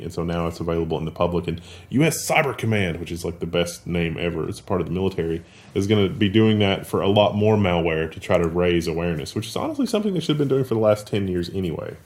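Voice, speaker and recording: A man's voice: low-pitched, lively intonation, quick pace, a little mellow. A man co-hosting a casual tech news show, explaining security stories in a joking, rambling way. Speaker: show co-host, business owner.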